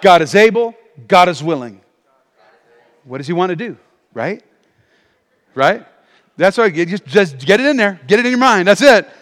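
A man preaching a sermon as pastor, animated and calling for responses from the congregation. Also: high-pitched, moderate pace, long pauses, in a large hall. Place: church auditorium.

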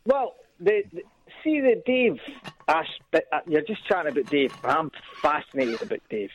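A man's voice: on the high side, lively intonation, normal speed, muffled recording, a little hiss or hum. A man with a Scottish accent who has called in to a radio show and chats in a rambling, hesitant way, full of asides. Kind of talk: casual radio chat.

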